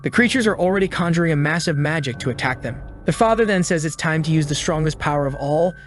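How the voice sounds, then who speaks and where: A man narrating a story recap from a script, telling it in a brisk, plain way. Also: on the high side, expressive. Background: faint music.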